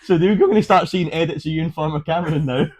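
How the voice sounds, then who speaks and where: A man's voice: on the high side, fast talker, a little mellow, no room sound. A young man chatting as a guest, laid-back and jokey, swearing now and then. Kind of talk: casual chat. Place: cafe.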